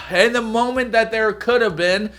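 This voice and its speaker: High, bright sarcastic male recapper. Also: unhurried. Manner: sarcastic, loud outbursts and mocking voices. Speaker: reality TV recap YouTuber. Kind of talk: comedic recap and review.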